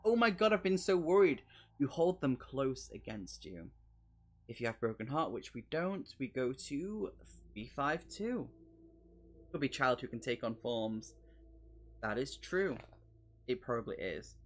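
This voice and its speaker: A man's voice: medium pitch, lively intonation, unhurried, long pauses. A man streaming a live playthrough, reading a horror gamebook aloud and chatting jokily with his viewers between passages. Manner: chatty, jokey, talks to chat between passages. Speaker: streamer host.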